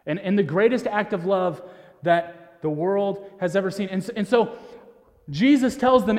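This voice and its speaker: High-voiced preacher in an echoing hall. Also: male voice, moderate pace. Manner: earnest, repeats words as he restarts; drops to a soft, hushed voice for emphasis. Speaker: pastor. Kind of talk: sermon. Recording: long reverb of a large hall.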